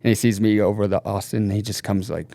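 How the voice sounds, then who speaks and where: Low-voiced man telling loose, profane stories. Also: little pitch movement, fast, vocal fry, dark tone, no echo. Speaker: podcast guest, snowboard team manager. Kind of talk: casual storytelling.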